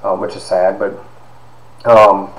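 Man in his 50s from Ohio, lowish voice, animated storyteller who acts out dialogue; echoey room, faint background hiss. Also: slow. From Ohio, USA. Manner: animated retelling with lots of quoted dialogue and fillers. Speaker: podcast host and author. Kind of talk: personal storytelling.

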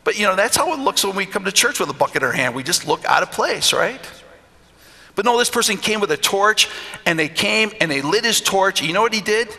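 Animated middle-aged preacher, bright and gravelly. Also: male voice, high voice, fairly quick. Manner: animated, acts out voices in stories. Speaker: pastor. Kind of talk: storytelling sermon. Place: church hall. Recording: long hall reverb.

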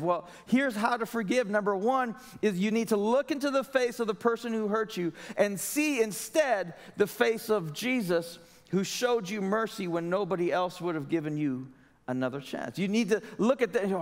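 A male pastor with a fairly high voice delivers a sermon in an earnest, conversational style, leaning on pointed rhetorical questions. His words carry through a church sanctuary with a long, ringing reverb. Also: moderate pace.

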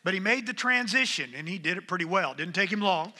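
Here a middle-aged male pastor talks fast in a high, expressive voice that sounds pushed and bright. He preaches conversationally in a church sanctuary, calling out "come on" to those gathered, and the sound has a long hall reverb.

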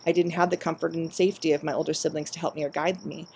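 Brief: woman storyteller, measured reflective reading, gravelly low-set voice. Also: level tone, darkish tone, slight background noise. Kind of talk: reading a personal story aloud.

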